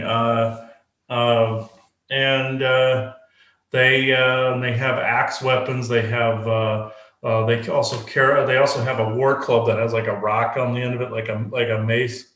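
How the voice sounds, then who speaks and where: A man describing beings he sees in a channeling session, speaking in a halting, searching way. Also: mid-range voice, flat delivery, fairly bright tone. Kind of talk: casual spoken channeling session. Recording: roomy echo.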